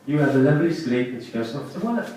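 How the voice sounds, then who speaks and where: Animated comedian in an echoey club. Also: male voice, mid-range voice, fast talker, slight background noise. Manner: animated storytelling, deadpan asides. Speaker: stand-up comedian. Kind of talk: stand-up comedy set. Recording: echoey club room, distant mic.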